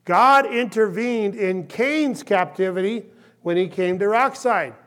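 A male pastor preaching a sermon, impassioned and then hushed, checking in with "okay?" often. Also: high-pitched, unhurried. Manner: impassioned, drops to hushed tones, frequent "okay?" check-ins.

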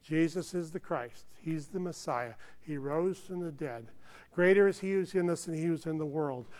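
A man's voice: on the high side, moderate pace, darkish tone. A man preaching a sermon as pastor, earnest and emphatic, often tossing in "okay" asides. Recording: long hall reverb.

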